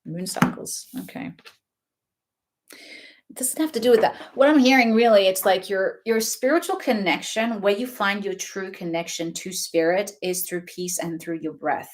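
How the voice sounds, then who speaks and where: A woman's voice: mid-range voice, moderate pace. A young adult woman giving a casual, rambling oracle card reading, chatty and often laughing between thoughts. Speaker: tarot reader.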